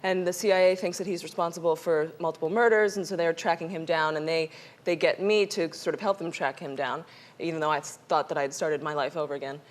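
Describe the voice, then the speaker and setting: A young actress from New York City chats as a talk show guest in a television studio. Her voice sits on the low side for a woman, and she laughs easily, filling her stories with ums and restarts. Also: fairly even intonation, a little fast. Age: young adult. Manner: giggly, with many fillers and restarts.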